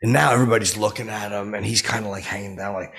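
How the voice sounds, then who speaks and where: Brief: male actor as a self-important has-been comedian, low gravelly voice, rambling and oblivious. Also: fairly even intonation, quick pace, a bit bright. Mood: rambling boastful. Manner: rambling, self-important, full of filler and restarts. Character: oblivious, boastful washed-up male stand-up comedian. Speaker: podcast host. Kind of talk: improvised comedic monologue.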